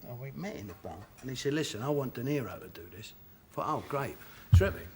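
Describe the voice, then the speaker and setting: Lively Cockney man telling stories. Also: mid-range voice, fast talker, gravelly. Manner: animated anecdotes, laughs often. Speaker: guest actor. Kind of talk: talk show storytelling. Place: television studio.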